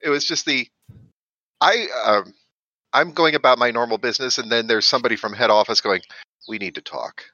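A man playing a tabletop game, telling his take in an animated, storytelling way. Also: mid-range voice, a little fast, no room sound, highs cut off. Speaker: player. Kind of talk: casual tabletop game chat.

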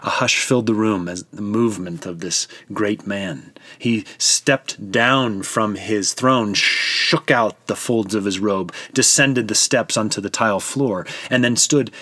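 Husky-voiced man narrating scripture dramatically. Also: lowish voice, unhurried, bright, forceful tone, no echo. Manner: dramatic, vivid storyteller.

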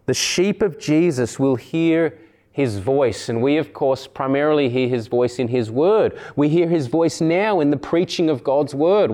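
A man preaching a sermon in a fairly high voice. He leans hard on repeated lines and swings between louder and quieter stretches to press each point. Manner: emphatic, repeats key phrases with rising and falling intensity.

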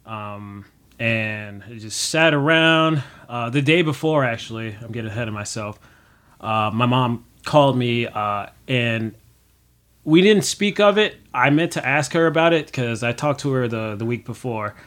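A man's voice: medium pitch, expressive, measured pace, fairly bright tone. A young man chatting casually as a guest, rambling with many fillers and acting out quotes. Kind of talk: casual chat.

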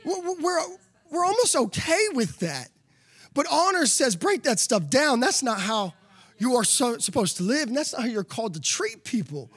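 A man's voice: very high voice, big pitch swings, moderate pace, a bit bright, breathy edge, no echo. A man preaching a sermon, telling a personal story with laughs and building to emphatic calls.

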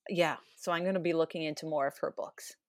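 Woman talking books, kinda low voice, dry close mic, thinks out loud. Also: fairly even intonation, fast, no echo. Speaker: podcast co-host. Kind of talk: casual book chat.

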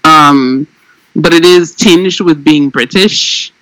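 Opinionated man with a crisp, dry voice. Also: fairly high pitch, slow pace, dry recording, poor audio. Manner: opinionated, animated, frequent "um" and "like". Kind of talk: casual chat.

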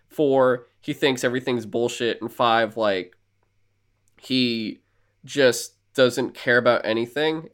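A man co-hosting a podcast who recaps a movie in casual, rambling chat, swearing freely and acting out the characters' lines. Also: on the low side. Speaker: podcast co-host.

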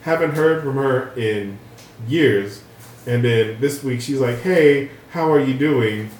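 A young man co-hosting a podcast, chatting casually and telling stories animatedly, swearing and jumping his voice high when he quotes people. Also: slow, darkish tone. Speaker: podcast co-host. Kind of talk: casual chat, storytelling. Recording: roomy room, voice slightly off-mic, faint noise.

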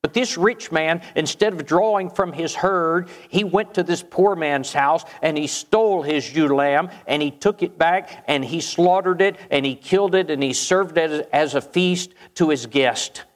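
Male preacher, raised pitch, storytelling sermon, long reverb tail. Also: unhurried, few pauses. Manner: storytelling with rhetorical questions.

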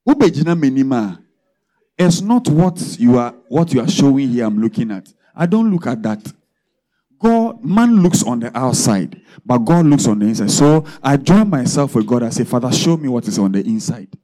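A man preaching to his church, his voice dark and mellow. He keeps asking the congregation questions as he goes. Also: medium pitch, sing-song, moderate pace. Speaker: pastor. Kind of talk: sermon.

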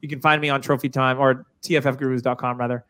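A man's voice: mid-range voice, flat delivery, quick pace, a bit bright. A man from New Hampshire, a guest on a podcast, chatting casually and joking with some swearing. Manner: loose, joking, swears freely.

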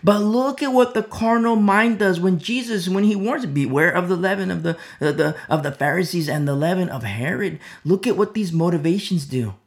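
A man preaching a sermon as pastor, swinging between loud emphatic lines and hushed near-whispers. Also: sits high, normal speed, few pauses. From America.

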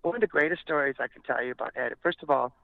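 A rock band frontman from Montebello, California, guests on a casual interview, his medium-pitched voice rapid-fire and laced with vocal fry. He tells stories animatedly, acting out other people's voices and swearing freely. The audio is narrow and tinny, with no room sound.

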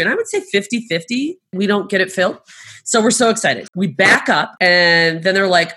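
Chatting casually, a middle-aged woman who works as a travel agent tells stories in a lowish, husky voice at a brisk clip. She's lively, frequently laughing while she imitates what others said.

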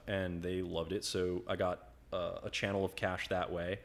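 A man in his thirties from the United States, talking in a loose, rambling way and stacking "like" between his phrases. His voice sits very low. He is in relaxed conversational storytelling mode. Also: normal speed, gravelly, few pauses. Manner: rambling storyteller, heavy use of "like" fillers. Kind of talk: casual chat.

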